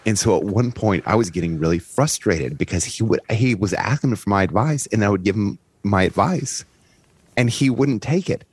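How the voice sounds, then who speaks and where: Podcast host, male, low voice, animated storyteller, dry close sound. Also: husky, no room sound. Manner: animated storyteller, voice climbs high when excited. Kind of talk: conversational storytelling in an interview.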